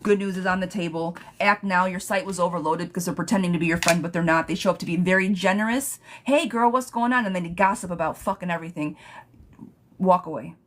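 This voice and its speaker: A woman's voice: fairly low pitch, steady tone, fast talker, slight background noise. A woman reading tarot live for viewers, chatting casually and laughing often. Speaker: tarot reader.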